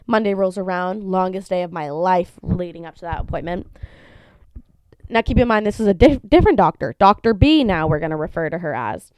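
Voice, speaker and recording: A woman's voice: fairly low pitch, a little fast, clean tone, no room sound. A young woman hosting a casual solo podcast, telling a story animatedly and acting out the people in it, with some swearing. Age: young adult. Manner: animated, swearing, acts out quoted voices. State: sneezy from allergies. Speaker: podcast host. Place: at home.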